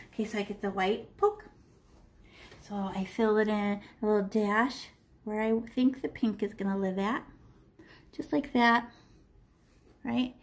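A middle-aged woman teaching children to paint, chatty and playful, talking through every brushstroke as she works. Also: mid-range voice. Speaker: art teacher. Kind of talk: live art lesson to children.

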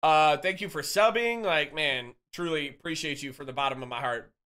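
Here a male streamer talks with his chat at normal speed, his fairly high voice pushed, bright and smooth. The banter is loose and teasing, full of swearing and jokes, and he reads messages aloud and replies to them.

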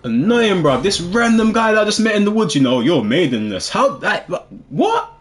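Excitable man commenting on gameplay. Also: high-pitched, a little fast. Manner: excitable, trash-talking, with sudden drops to muttering. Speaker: gaming video host.

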